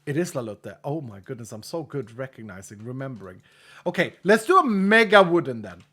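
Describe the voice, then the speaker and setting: A man's voice: mid-range voice, sing-song, fairly quick, a bit bright. A man streaming a game, chatting casually with his viewers, reading their messages aloud and laughing often, speaking English with a non-native accent. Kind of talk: casual live-stream chat.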